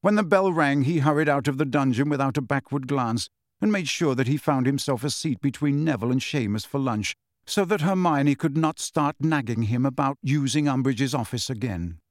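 A man reading a novel aloud in measured, even audiobook narration. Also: mid-range voice, no room sound, studio quality.

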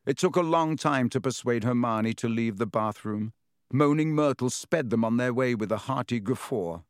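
Guy reading a story aloud, mid pitch, lively, dry close sound. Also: normal speed, clear, resonant tone, no echo. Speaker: audiobook narrator. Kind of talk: scripted narration.

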